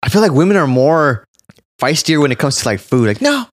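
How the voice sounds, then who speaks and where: A man's voice: on the high side, big pitch swings. A man co-hosting a podcast, who jokes and teases in casual chat. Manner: joking, teasing, quick with jokes. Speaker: podcast co-host.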